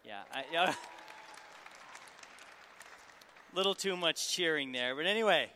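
A middle-aged guest preacher from Syracuse, New York, delivers a sermon with humor, teasing the crowd and drawing it in with questions. His slightly high voice is bright and forceful, animated and slow, trailed by a long large-hall reverb and a little hiss or hum.

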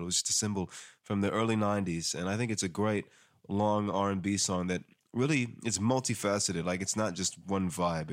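A man co-hosting a casual podcast, relaxed and full of fillers, stumbling through tongue twisters. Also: deep voice. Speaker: podcast co-host. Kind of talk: casual chat.

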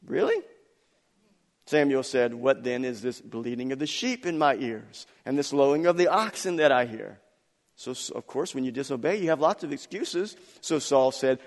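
A middle-aged man preaching a sermon as pastor, animated and acting out the voices of the people in his story. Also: sits high, normal speed, in a large hall.

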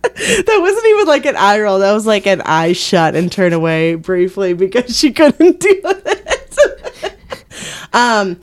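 A woman's voice: mid-range voice, huge pitch swings, a little slow, no echo. A woman co-hosting a podcast in casual chat, rambling through stories and laughing often. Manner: giggly, rambling storyteller. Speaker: podcast co-host.

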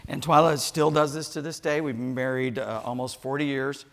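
A man in his sixties telling a funny story in a sermon, animated and jokey, acting out voices. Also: medium pitch, normal speed. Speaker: pastor.

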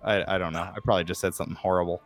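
Running a tabletop game as game master, a man with a New Jersey accent chats and laughs a lot, using plenty of fillers. His voice sits low with a level tone, he talks at a racing pace, and soft music plays in the background.

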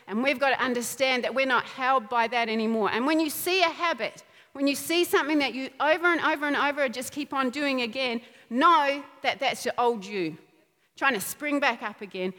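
A woman preaching a sermon in an animated, emphatic way, often laughing, with her voice ringing out in an echoey hall. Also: high-pitched, moderate pace.

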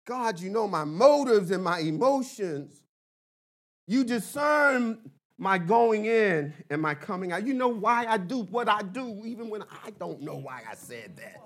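A man in his fifties preaching a sermon, building to emphatic shouted bursts and dropping into playful asides. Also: sits high, sing-song, measured pace. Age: 50s. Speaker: pastor.

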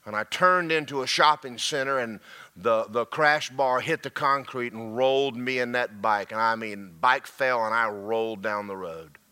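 A man preaching a sermon, swinging from low murmurs to shouted passages. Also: normal speed, smooth. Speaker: pastor.

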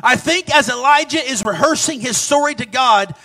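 A man preaching a sermon in an animated, sing-song way, with sudden loud peaks. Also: extremely high pitch, normal speed.

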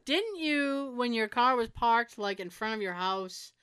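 Lively, bright-voiced woman chatting. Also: fairly high pitch, unhurried, clear, resonant tone, dry recording, clean studio sound. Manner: animated, laughing, jokey asides. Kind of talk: casual chat between friends.

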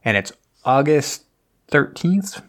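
A man's voice: fairly high pitch, sing-song, takes it slowly, fairly bright tone. A man co-hosting a podcast, casually recapping a film with lots of fillers and offhand paraphrase. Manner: rambling, many fillers, mimics characters in paraphrase. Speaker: podcast co-host. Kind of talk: casual movie recap chat.

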